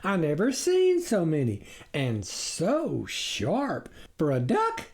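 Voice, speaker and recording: A man voicing a hospitable farm wife with a high, chirpy rural drawl. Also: huge pitch swings, slow, heavily acted. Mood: eager.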